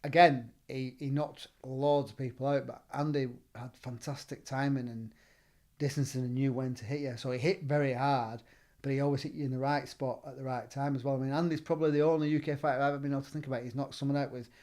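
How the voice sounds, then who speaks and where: Fast-talking Northern English man. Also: mid-range voice. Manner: animated, acts out quoted dialogue. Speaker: gym owner and trainer, podcast guest. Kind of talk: casual storytelling.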